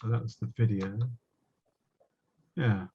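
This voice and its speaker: Rambling West Country painting teacher. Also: male voice, lowish voice, little pitch movement, slow pace, mellow, highs cut off, a little hiss or hum. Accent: West Country English. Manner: rambling, chatty, self-mocking. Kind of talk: casual online workshop teaching.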